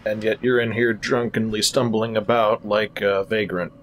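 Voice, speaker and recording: A man's voice: on the low side, level tone, moderate pace, lightly acted. A man voicing a wary helmeted male warrior who talks in a dry, blunt way.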